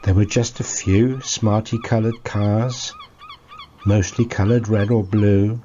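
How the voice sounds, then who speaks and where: An English man tells a family story for church in an unhurried, mellow voice. He adds playful little asides to the children as he goes. The recording is dull and lo-fi, with faint background hiss. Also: lowish voice.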